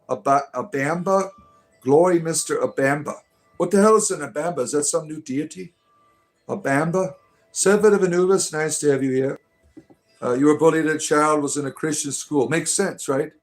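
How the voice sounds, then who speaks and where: Sarcastic man hosting a livestream. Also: on the high side. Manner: sarcastic, mock-preachy, trails off with filler words. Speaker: livestream host reading chat. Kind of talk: casual livestream chat.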